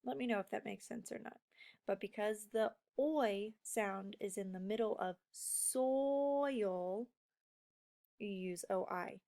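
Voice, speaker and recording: A woman teaching a recorded phonics lesson, explaining slowly and patiently to young students. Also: medium pitch, creaky, a little mellow.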